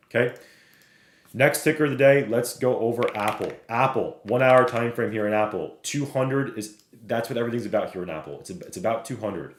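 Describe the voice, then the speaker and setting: A man with a fairly low voice runs through stock charts on a live stream, reading chat messages and tagging his points with "right?" and "okay?". His voice carries a roomy echo. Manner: fast, repeats "right?" and "okay?", reads chat aloud.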